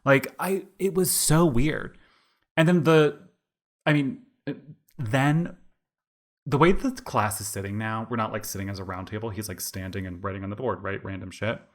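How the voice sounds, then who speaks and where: With a fairly low voice and a moderate pace, this man in his twenties co-hosts a podcast. He tells an animated, rambling story during casual chat and leans on "like" constantly.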